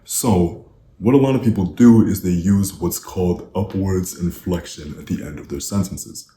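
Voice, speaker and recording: Man, speaking coach, deep voice, echoey room with faint noise behind. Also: normal speed, warm tone. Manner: earnest, direct, asks the listener rhetorical questions. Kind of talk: instructional advice talk. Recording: roomy echo, faint background noise.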